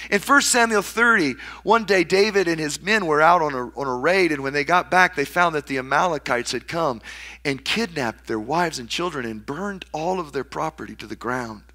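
A man preaching a sermon, dramatically acting out the words of the people he quotes. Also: sharp tone. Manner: dramatic, acts out quoted voices with big swings in pitch and volume. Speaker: pastor.

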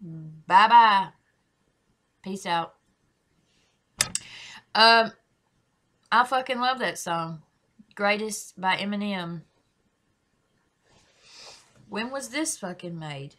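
A woman's voice: medium pitch, lively intonation, slow pace, long pauses, sharp tone. A woman hosting a reaction video. She speaks candidly to her viewers, swears freely and apologizes often. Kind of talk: casual reaction chat.

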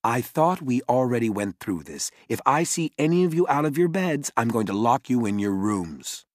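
A man's voice: medium pitch, very animated, moderate pace, a little mellow, no echo, clean studio sound, voice pushed up. A man voicing a stern, tired mother in an audiobook.

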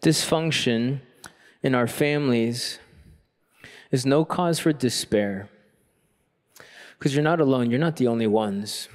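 A Catholic priest speaks slowly and pauses often during a workshop talk at a youth conference. He tells a personal story reflectively and earnestly, then rises to a fervent pitch as he preaches.

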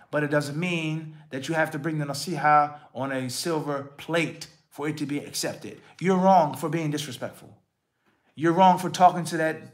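A man's voice sitting a little higher than most men's, explaining religious points in a live question-and-answer lecture. He is emphatic, swings between loud stressed words and quieter asides, and keeps checking in with rhetorical questions while dropping Arabic terms into his explanations. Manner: emphatic, rises and drops in loudness. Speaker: Islamic scholar answering questions.

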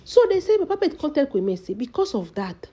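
A woman's voice: high voice, sing-song, fairly quick, warm tone, muffled recording. A woman with a Nigerian Pidgin English accent giving dramatic gossip commentary and calling out often to her listeners. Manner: dramatic storytelling, repeatedly calling out to her audience. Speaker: celebrity gossip vlogger.

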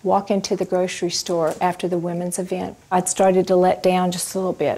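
A woman's voice: fairly low pitch, flat delivery, brisk, hardly any pauses, mellow. A woman, a Christian ministry speaker, tells a personal faith testimony to a live audience. She tells it expressively and turns to ask the audience questions.

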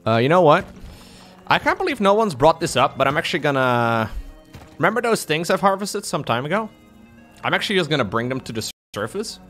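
A man in casual live-stream commentary while playing a game, excitable, laughing often and jumping to high yelps. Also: fairly quick. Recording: faint music behind the voice.

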